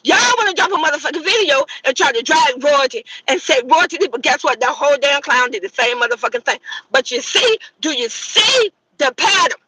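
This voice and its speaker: Middle-aged woman host, bright edgy voice, furious profane gossip rant with repeated rhetorical questions. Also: high-pitched, animated, fairly quick, poor audio. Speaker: channel host. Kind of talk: angry gossip commentary rant.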